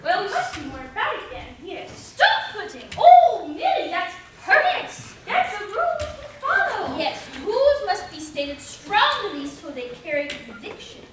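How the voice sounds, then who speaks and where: A woman's voice: very high-pitched, very animated, measured pace, few pauses, a crowd in the background, exaggerated voice. A woman playing a sweet, dotty elderly lady with prim, old-fashioned manners in an amateur stage play, heard from far off in an echoey hall. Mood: fluttery.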